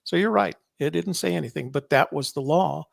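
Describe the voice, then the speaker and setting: A man's voice: on the high side, brisk, vocal fry, no room sound, studio quality. A man co-hosting a podcast, talking casually and rambling, often correcting himself. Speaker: podcast co-host. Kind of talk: casual political chat.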